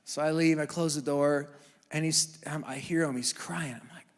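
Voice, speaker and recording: A man in his thirties preaching a sermon with humor, moving from hushed asides to loud, fervent passages. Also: a little high, steady tone, normal speed. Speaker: pastor. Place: church auditorium. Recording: long church hall reverb.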